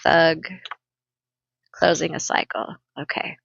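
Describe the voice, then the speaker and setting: A woman's voice: deep voice, fairly even intonation, slow, vocal fry, a bit bright, no room sound, highs cut off. A woman doing a casual tarot card reading for viewers, chatty and emotional, thinking aloud as she pulls cards. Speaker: tarot reader.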